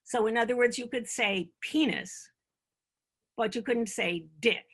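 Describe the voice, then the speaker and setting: A woman's voice: fairly high pitch, a little slow, a bit bright. An older woman, a TV comedy writer, speaking wryly in conversation and explaining the craft like a teacher. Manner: wry, laughs at her own stories, teacherly on craft. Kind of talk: conversational interview.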